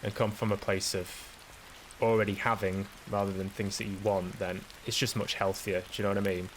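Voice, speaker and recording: A man's voice: on the low side, little pitch movement, fairly quick, slight background noise, poor audio. A man hosting a solo podcast, rambling through a casual monologue in a self-deprecating, sweary way. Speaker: podcast host.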